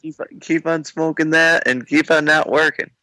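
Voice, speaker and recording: A man's voice: a little high, fairly even intonation, moderate pace, pushed and bright, dry recording. Easygoing guy cracking teasing one-liners on a podcast, dry close mic. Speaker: podcast co-host. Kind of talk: casual chat.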